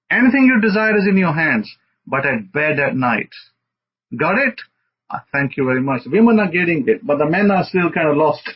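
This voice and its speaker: A man's voice: a little high, husky. A man, a rabbi, giving an informal teaching sermon in a conversational, rambling way with fillers. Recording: dull lo-fi audio.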